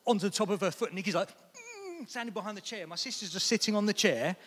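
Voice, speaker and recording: A man's voice: high-pitched, very fast. A British man preaching a sermon, telling stories with animation and acting out the lines he quotes. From Britain. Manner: animated storytelling, acts out quotes in raised voice. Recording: long hall reverb.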